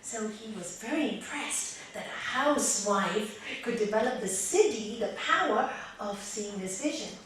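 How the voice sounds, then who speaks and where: A woman's voice: medium pitch, a little slow, few pauses, heavy reverb. Lady yoga teacher telling stories, acts out the voices, far from the mic, faint room hiss. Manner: lively storyteller acting out the voices. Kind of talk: spiritual talk with storytelling. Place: indoor meeting room of a spiritual group.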